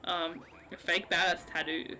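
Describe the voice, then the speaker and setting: A young adult woman streaming a game, giving casual commentary, exasperated and swearing with loud outbursts. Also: fairly low pitch, little pitch movement, measured pace, soft background music.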